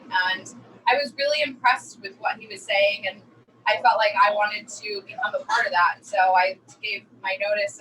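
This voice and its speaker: A woman chef from New Jersey in her thirties, telling a story in a chatty, animated way during a virtual cooking class. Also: mid-range voice, far from the mic, slight background noise, rough recording.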